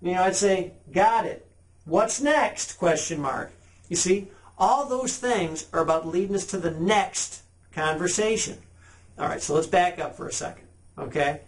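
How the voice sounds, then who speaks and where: A man's voice: high-pitched, a little slow. A man teaching car sales by texting, talking casually and reading short sample messages aloud with emphasis. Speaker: sales trainer. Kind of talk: sales training talk.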